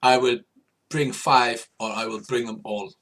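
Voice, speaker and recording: A man voicing a proud, stubborn alien warrior chieftain who speaks in stiff, halting phrases. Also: medium pitch, fairly even intonation, vocal fry, a bit bright. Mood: stern. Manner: halting, stiff broken speech.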